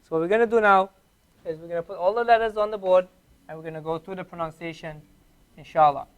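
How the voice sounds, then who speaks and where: Teacher, male, high-pitched, patient, drills and repeats sounds slowly in a classroom lesson. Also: steady tone. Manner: slow, patient, repeats each sound clearly. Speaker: Arabic teacher.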